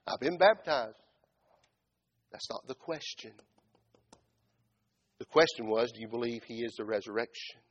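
A man preaching a sermon in a church, shifting between loud, shouted build-ups and quiet low asides, and acting out Bible figures in mocking voices. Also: normal speed, pauses often, dull audio. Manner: acts out biblical speakers in mocking tones.

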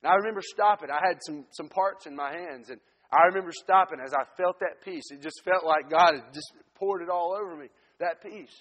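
A man's voice: on the high side, fairly quick, hardly any pauses, a bit bright. A man giving an earnest testimony sermon as a missionary preacher, often restarting his sentences. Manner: earnest storytelling, frequent restarts. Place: church sanctuary. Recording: long church hall reverb.

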